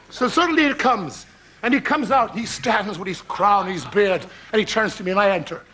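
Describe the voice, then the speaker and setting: A man with an Irish accent, a talk show guest from Ireland, telling a story in an animated, theatrical way and laughing through his words. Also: high-pitched, fairly quick, background noise. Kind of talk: lively anecdote on a talk show. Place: television studio with audience.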